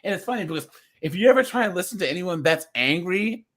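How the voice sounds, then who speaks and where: A man's voice: high-pitched, lively intonation, quick pace, a bit bright. A man hosting a casual reaction livestream, joking and laughing as he chats. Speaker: livestream host.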